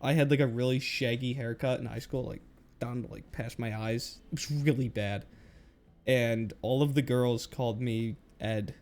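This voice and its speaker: A man's voice: medium pitch, fairly even intonation, normal speed, a little mellow. A young man casually commenting on his old school slides, rambling and joking at himself with frequent laughs, recorded on a webcam. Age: young adult. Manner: rambling, self-mocking, laughs often. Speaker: YouTuber.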